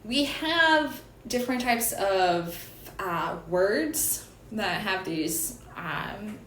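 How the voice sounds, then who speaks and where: A woman with a middling voice teaches in a relaxed, talkative way, often rephrasing mid-sentence and adding friendly asides. Her voice rings around a reflective room, and a faint hum sits underneath. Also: medium pitch, drawn-out words, echoey room, poor audio. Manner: chatty, self-correcting, with little laughs and apologies. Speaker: chant teacher. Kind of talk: casual explanatory lesson.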